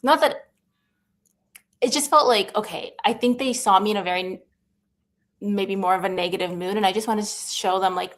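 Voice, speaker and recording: A woman who is a student teacher, chatting casually in an interview and telling lively stories, acting out her own lines and laughing often. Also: mid-range voice, moderate pace, pauses often.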